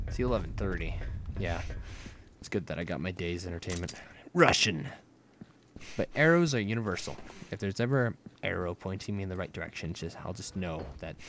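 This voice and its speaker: Low-voiced man joking through gameplay. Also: noisy background. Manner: jokey, self-mocking running commentary. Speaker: let's play host. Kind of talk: gameplay commentary.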